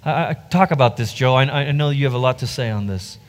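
A man who is a pastor, teaching from the Bible in an animated way. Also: mid-range voice, fast, long reverb tail. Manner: animated, acts out quoted voices.

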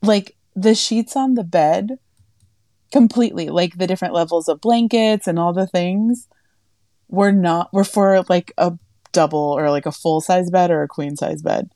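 A young woman on a podcast tells a story in a chatty, animated way, and she leans on "like" constantly. Her voice sits low and mellow. It is recorded dry and close. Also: moderate pace, dry recording. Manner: chatty, animated, heavy use of "like". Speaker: podcast co-host. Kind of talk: casual storytelling chat.

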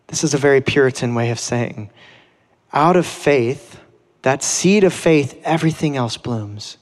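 A man's voice: medium pitch, long reverb tail. A man preaching a sermon as pastor, conversational and earnest, with dramatic readings of scripture.

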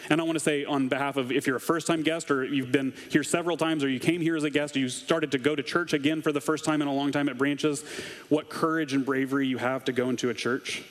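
A man's voice: on the high side, steady tone, quick pace. A man preaching a conversational sermon as a pastor, casual and wry with dry asides. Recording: long hall reverb.

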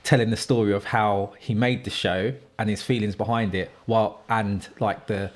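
A man chatting casually as a podcast co-host, relaxed and quick to agree. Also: lowish voice. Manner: relaxed, frequent agreeing backchannels. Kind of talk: casual chat.

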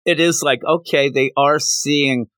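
A man's voice: fairly high pitch, steady tone, a little slow, a bit bright, no echo. A man co-hosting a podcast, chatting casually and animatedly as he retells scenes from a comic chapter. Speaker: podcast co-host. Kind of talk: casual chat recapping a manga chapter.

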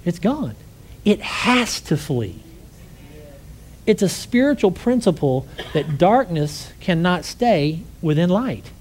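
A man preaching a conversational sermon, telling stories with lively energy and asking the congregation rhetorical questions. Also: high voice, slow pace, slight background noise.

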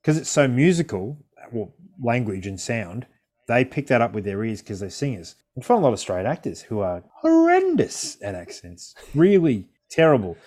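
A man, a stage actor, chatting in a relaxed podcast interview, often laughing and restarting his sentences. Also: mid-range voice, normal speed.

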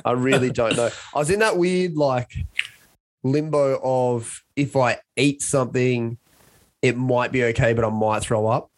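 A man's voice: medium pitch, a little slow, no room sound. Young adult man, rambling self-mocking storyteller, dry close sound. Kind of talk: casual storytelling chat.

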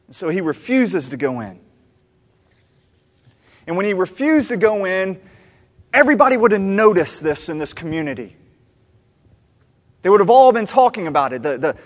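A pastor from the American South, his voice sitting high, preaches an animated, storytelling sermon. He acts out the characters and repeats phrases for emphasis, with the long reverb of a large hall on the recording.

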